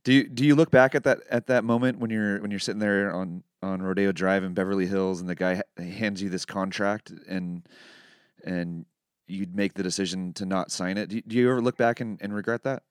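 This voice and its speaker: Deep-voiced man hosting a podcast. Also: steady tone, a little fast, clean tone, no room sound, clean studio sound. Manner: laughs along, repeats words as he asks. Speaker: podcast host. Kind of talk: casual interview chat.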